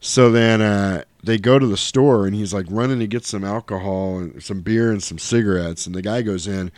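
Man, casual chat, lower voice, dry close sound, lively storytelling, puts on silly character voices. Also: moderate pace, dry recording. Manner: animated storyteller, mimics characters in high silly voices, swears. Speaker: podcast host recapping a film.

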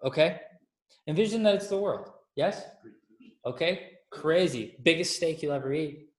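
A man's voice: a little high, moderate pace, darkish tone. A man giving a casual, playful sermon that keeps asking the audience questions. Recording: echoey room.

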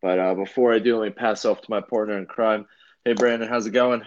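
Deep-voiced man in laid-back podcast chat. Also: fairly even intonation, brisk, lo-fi sound. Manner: rambling, laid-back, many fillers and restarts. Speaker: podcast co-host. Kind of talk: casual chat.

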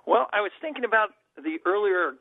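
A man calling in to a radio show, talking quickly and politely. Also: high-pitched, animated, gravelly, no room sound. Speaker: caller. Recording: tinny phone line.

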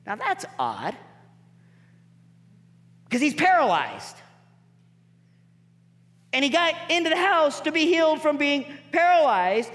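A male pastor with a higher register preaches a sermon in a church hall with long reverb, telling stories in a lively, animated way. He acts out the characters with quick voice changes and drops to a soft, quiet emphasis on key points.

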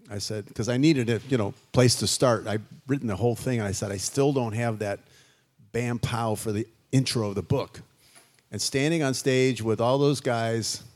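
A man's voice: fairly low pitch, darkish tone. A man in his sixties from Chicago, telling his life story as a guest in a casual interview, in a reflective, rambling way. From Chicago, USA. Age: 60s. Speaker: guest musician.

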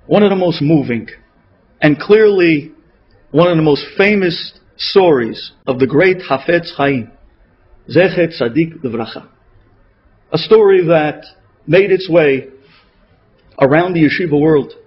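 A man, a rabbi, delivering a sermon as an emotional story, with a dramatic delivery that swings between loud peaks and hushed moments. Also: fairly high pitch, unhurried, pauses often, breathy edge. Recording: dull lo-fi radio recording.

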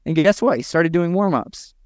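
Male podcast co-host, punchy, coaching tone, smooth voice on a dry mic. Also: fairly high pitch, lively intonation, moderate pace, dry recording. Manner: emphatic, preachy, acts out quotes. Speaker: podcast co-host, gym owner. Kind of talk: energetic business podcast talk.

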